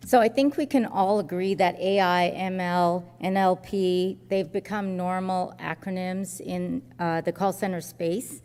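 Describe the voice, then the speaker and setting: A woman with a fairly low voice introduces the next speaker in an upbeat, playful tone. Long reverb from the conference hall trails her words. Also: fairly even intonation, unhurried, hardly any pauses, a little mellow, smooth. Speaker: session host.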